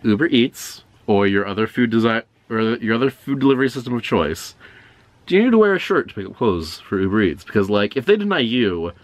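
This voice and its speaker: A young man in casual podcast chat, joking around in a deadpan way. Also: fairly low pitch, no room sound. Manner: deadpan, joking, puts on silly voices. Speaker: podcast co-host.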